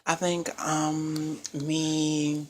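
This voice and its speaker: A man with a high-pitched voice telling a personal story in a casual chat, acting out the quoted lines. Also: drawn-out words. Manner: animated storytelling, acts out quotes. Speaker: podcast co-host.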